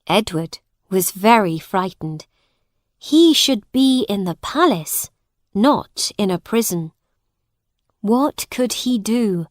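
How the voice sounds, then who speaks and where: A very slow, lively woman narrator. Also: medium pitch, no room sound, studio quality. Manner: very slow, clear and lively reading. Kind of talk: graded reader audiobook narration.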